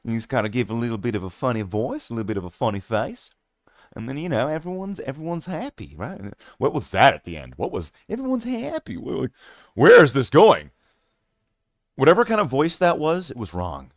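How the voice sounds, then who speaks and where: A man's voice: mid-range voice, sing-song, fairly quick, no echo, studio quality. A man chatting casually on a hobby live stream, rambling and joking at himself with many fillers and restarts. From Canada.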